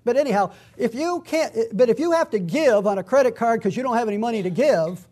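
A man preaching a conversational, verse-by-verse Bible teaching, reading scripture slowly and with emphasis. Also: very high-pitched, expressive, a little mellow. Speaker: pastor.

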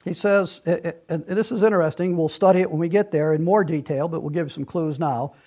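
High-voiced man teaching a sermon. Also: fairly quick, warm tone. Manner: earnest, conversational, with frequent restarts and asides. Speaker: preacher. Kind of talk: sermon-style Bible teaching.

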